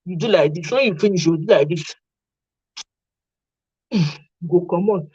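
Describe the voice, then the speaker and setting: A woman with a Nigerian accent hosts casual commentary, animated, slipping into Pidgin and acting out little scenes. Her voice is on the low side with a breathy edge at a moderate pace, and the recording is dull, dry and lo-fi with no echo.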